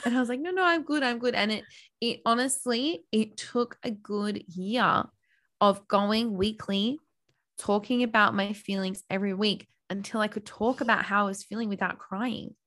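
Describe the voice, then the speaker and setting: A young adult woman co-hosting a podcast, talking openly and earnestly in casual chat, animated when telling stories. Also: mid-range voice, moderate pace. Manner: open, earnest, animated storytelling. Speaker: podcast co-host.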